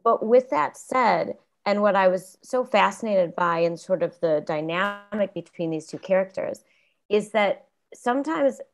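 Earnest low-voiced woman panelist. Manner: earnest, long flowing sentences, slight stumbles. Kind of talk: thoughtful panel commentary.

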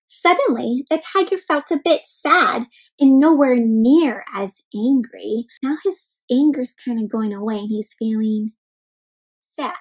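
A woman's voice: high voice, rough recording. A woman reading a picture book aloud to children, asking them questions and calling them "my friends" in an encouraging, teacher-like way. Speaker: children's story reader. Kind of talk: interactive read-aloud for kids.

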